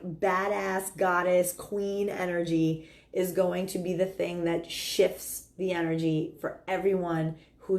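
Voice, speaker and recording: A woman's voice: fairly low pitch, darkish tone. A middle-aged woman giving dating advice in a casual, earnest monologue, talking with lots of likes and ums. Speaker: dating coach.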